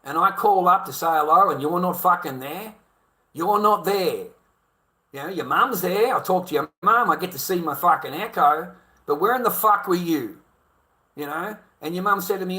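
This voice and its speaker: A man's voice: sits high, normal speed, sharp tone. A man with an Australian accent talking casually to camera, blunt and heavily profane, circling back with repeated rhetorical questions.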